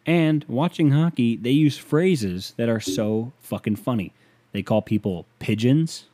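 Profane ranting American man, mellow voice. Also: medium pitch, unhurried. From United States. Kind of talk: comedic solo rant.

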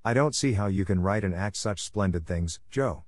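Brief: timid sweet girl, voiced by a man, soft and raised. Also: deep voice, normal speed, dry recording, studio quality. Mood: admiring. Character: shy, adoring young girl. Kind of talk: audiobook character voice.

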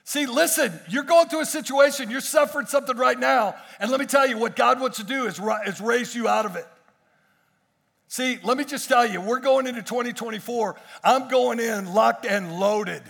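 A man's voice: very high voice, normal speed, creaky, a bit bright. A male pastor preaching a sermon with emphatic, repeated phrases.

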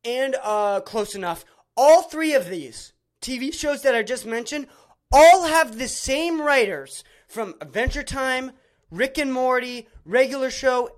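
A man's voice: very high-pitched, lively intonation, moderate pace. Man ranting furiously on a podcast. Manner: furious ranting, swearing, shouting then subdued. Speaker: podcast host. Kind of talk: angry podcast rant.

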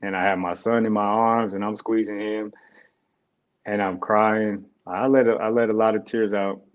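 A young man, a guest, telling an emotional personal story in a halting, reflective way with restarts. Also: lowish voice, level tone. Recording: dull lo-fi sound.

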